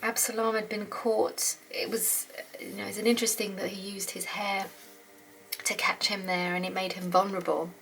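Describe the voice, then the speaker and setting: A woman's voice: medium pitch, flat delivery, moderate pace, a bit bright, a little hiss or hum, rough recording. A woman hosting a Bible study, reading old scripture aloud and then commenting in an earnest, heartfelt way as she thinks aloud. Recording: clear background music under the voice.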